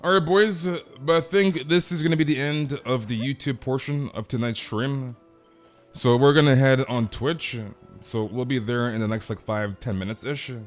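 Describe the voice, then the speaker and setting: A man's voice: moderate pace, faint music behind. Rambling male game streamer. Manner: rambling, repetitive, trails off low. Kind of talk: casual stream chat.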